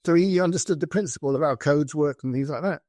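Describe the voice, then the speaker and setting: A man's voice: on the high side, fast, no echo. British man telling army stories. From Britain. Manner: animated anecdotes with quoted dialogue. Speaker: podcast guest, former soldier. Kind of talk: conversational storytelling.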